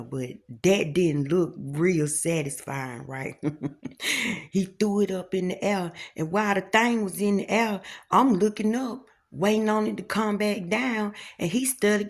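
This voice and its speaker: A woman's voice: mid-range voice, a little slow. Woman vlogger, casual and folksy, speaks directly to her audience. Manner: chatty, folksy, addresses viewers as y'all. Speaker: spiritual vlogger. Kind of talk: casual talk to camera.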